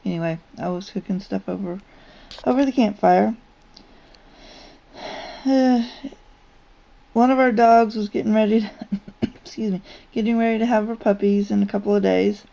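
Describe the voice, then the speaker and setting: A woman's voice: mid-range voice, steady tone, normal speed, vocal fry, long pauses, mellow. A woman vlogger telling a personal story in a casual, rambling way, with frequent ums and restarts. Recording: dull lo-fi recording.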